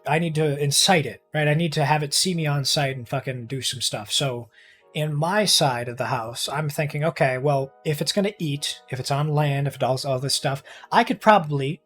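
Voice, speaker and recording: A young man talks casually to his stream viewers while gaming, his voice sitting a little higher than most men's. He rambles and restarts his thoughts, swears freely and gets excited easily. Faint music plays behind him. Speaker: livestreamer.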